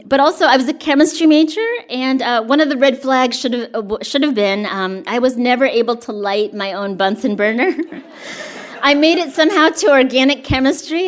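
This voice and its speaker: A woman poet on stage at a live reading, her voice sitting a little high for a woman. She moves between reading poems and loose, self-deprecating stories full of fillers and asides, laughing as she talks. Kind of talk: poetry reading with spoken storytelling between poems.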